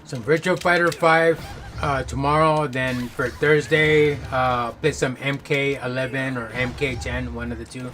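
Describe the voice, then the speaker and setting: A man's voice: mid-range voice, steady tone, unhurried, a bit bright. A male game streamer chatting casually with viewers, rambling and loose with lots of fillers and self-corrections. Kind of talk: casual chat.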